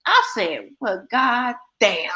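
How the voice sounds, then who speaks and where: Taking her time in a slightly high, sing-song voice with a sharp edge, a young woman on a livestream tells crude, blunt stories. She voices the characters in them during this casual chat.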